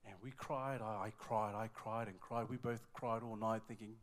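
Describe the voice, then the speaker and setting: A male preacher delivering a heartfelt sermon in a church, his pitch sitting in the middle range. He tells his story with deep emotion, drops to near whispers, then rises to loud pleading, and often repeats his words. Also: brisk, few pauses. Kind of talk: sermon with personal testimony.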